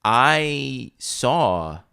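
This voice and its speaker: A man's voice: mid-range voice, very slow, vocal fry, smooth, no echo, clean studio sound. A young man co-hosting a casual podcast chat, telling stories animatedly and acting out the people in them. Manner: animated storyteller, acts out quoted voices. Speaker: podcast co-host.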